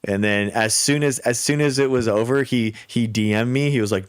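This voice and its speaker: A man hosting a casual livestream, talking to viewers with quick restarts and mocking asides. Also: mid-range voice, animated, clean tone, no room sound. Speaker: livestream host.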